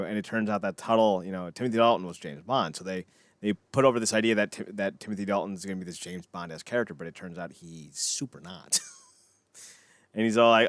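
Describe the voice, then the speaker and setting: Low-voiced rambling podcast man. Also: fast talker, no room sound. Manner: rambling, profane, trails off and mumbles. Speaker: podcast co-host. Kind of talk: casual podcast chat.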